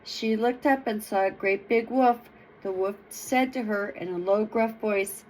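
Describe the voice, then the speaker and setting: A woman reading folk tales aloud as a storyteller, slow and expressive. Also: medium pitch, slight background noise, rough recording. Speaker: storyteller and channel host.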